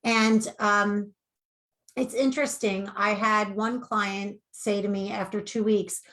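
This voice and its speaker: A woman coach giving earnest, animated advice in a conversational interview. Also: mid-range voice, takes it slowly. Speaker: weight-loss coach.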